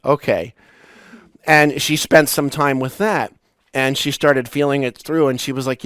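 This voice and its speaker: A man in his forties, a spiritual teacher, giving a reflective talk with personal stories, halting and restarting as he goes. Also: mid-range voice, steady tone, fairly bright tone, clean tone, dry recording, clean studio sound. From United States. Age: 40s. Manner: personal, storytelling with pauses and restarts.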